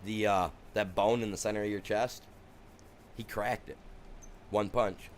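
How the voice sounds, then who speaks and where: A lower-pitched man rambles through a personal story while he streams a game. His delivery is loose and conversational, with restarts and filler, and a faint noise floor sits under the recording. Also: fairly even intonation, a little slow. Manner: rambling anecdotes with many restarts and "you know". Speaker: gaming streamer.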